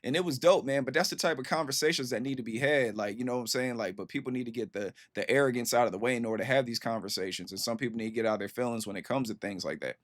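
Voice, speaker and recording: A man's voice: medium pitch, rapid-fire, few pauses. A man, chatting loosely as a reaction host with lots of fillers. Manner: loose, rambling, heavy on fillers like "you know what I'm saying". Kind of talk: casual commentary on a song.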